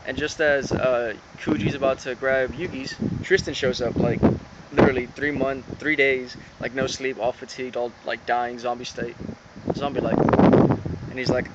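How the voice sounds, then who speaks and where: Over clear background noise in a dull, lo-fi recording, a middle-pitched man rambles through an episode recap at normal speed and in a level tone. He fills it with lots of "um"s and retold quotes introduced by "he's like."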